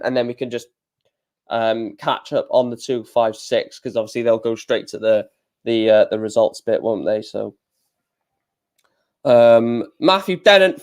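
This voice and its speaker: A man hosting a live stream, chatting casually, reading out match results and answering his chat with lots of fillers. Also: medium pitch. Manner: chatty, reads out scores and chat, many fillers.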